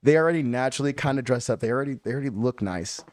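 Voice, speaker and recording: A man's voice: medium pitch, very fast, no room sound. A man co-hosting a casual podcast, telling a story among friends, acting out what people said and often breaking into laughter. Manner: animated, acts out quotes, laughs often. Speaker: podcast co-host.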